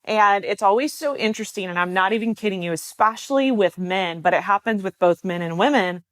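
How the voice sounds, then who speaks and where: A woman's voice: medium pitch, fairly quick, fairly bright tone, no echo. Woman coach just chatting about her work, says like a lot, mid voice, dry sound. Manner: chatty, many filler "like"s. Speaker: mindset and life coach. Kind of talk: casual explanatory talk to camera.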